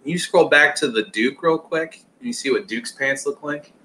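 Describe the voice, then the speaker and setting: A man co-hosting a casual toy chat, speaking in a relaxed, offhand way with some casual swearing. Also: mid-range voice, normal speed, slight background noise, low-quality recording. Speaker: co-host on live chat. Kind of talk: casual live chat about toys.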